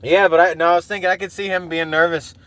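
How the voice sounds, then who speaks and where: A man's voice: sits high, little pitch movement, fast talker, sharp tone, clear, resonant tone. A man hosting a casual solo podcast, rambling and swearing freely and laughing often. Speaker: podcast host.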